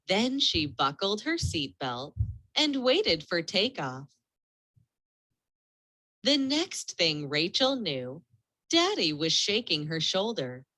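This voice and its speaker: A woman reading a children's storybook aloud in a gentle, expressive way. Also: fairly low pitch, dry recording.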